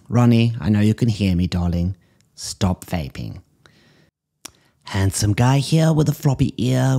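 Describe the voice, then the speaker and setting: A man voicing an eccentric, deadpan, middle-aged woman pet psychic, speaking in a husky voice with breathy murmured asides and drawled endearments. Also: deep voice, exaggerated voice. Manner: deadpan, drawls "darling" at animals. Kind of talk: comedic voice-over monologue.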